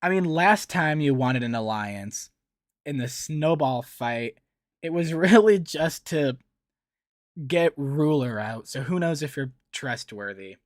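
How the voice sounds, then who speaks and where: A man's voice: fairly high pitch, takes it slowly, dry recording, clean studio sound. Chatty man reacting to a cartoon. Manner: chatty, excitable, laughs easily. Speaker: reaction video host. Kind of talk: casual reaction commentary.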